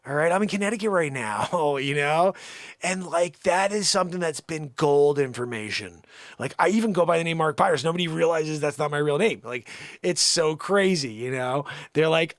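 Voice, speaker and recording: A man's voice: medium pitch, moderate pace, no room sound, clean studio sound. A young man hosting a livestream, doing a rambling, mock-indignant one-sided phone call bit. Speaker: livestream host.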